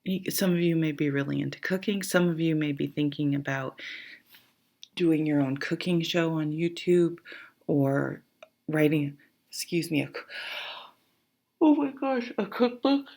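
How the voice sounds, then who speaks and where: A woman's voice: low voice, steady tone, moderate pace, creaky, darkish tone. A tired woman giving a casual tarot reading, rambling and thinking aloud with many fillers, laughing and swearing easily. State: tired, yawning. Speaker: tarot reader.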